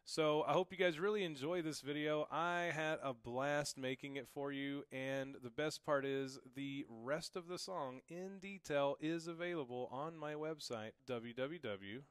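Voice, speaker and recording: Relaxed male drum teacher. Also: a little high, measured pace, few pauses, clean tone, no echo, studio quality. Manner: relaxed, reassuring, counts and calls out strokes aloud. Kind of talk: casual instructional talk. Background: drum kit playing.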